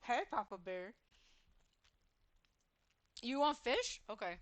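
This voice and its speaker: A woman's voice: high voice, lively intonation, takes it slowly, bright, forceful tone, dry recording. A woman streamer chatting casually while gaming, gushing, giggling and exclaiming often.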